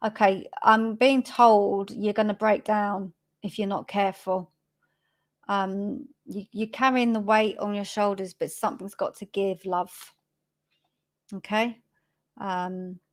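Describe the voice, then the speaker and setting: A woman giving a live psychic reading, hesitant and chatty, filling pauses with many ums. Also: mid-range voice. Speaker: spiritual medium giving readings.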